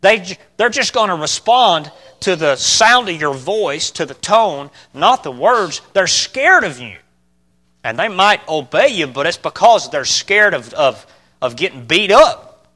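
A man preaching a sermon, asking his listeners questions and swinging between loud emphatic bursts and quiet, calm lines. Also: high-pitched, unhurried. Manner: asks the listeners rhetorical questions.

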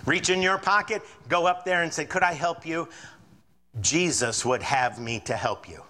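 A man's voice: fairly high pitch, normal speed, big-room sound. A man preaching a sermon as pastor, acting out the voices of doubters and worriers as he goes. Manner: animated preaching, acts out quoted doubters.

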